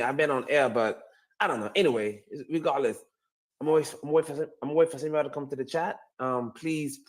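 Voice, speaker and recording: A man hosting his own channel, chatting casually about sports and reacting to a clip, laughing often and repeating himself. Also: on the high side. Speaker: channel host.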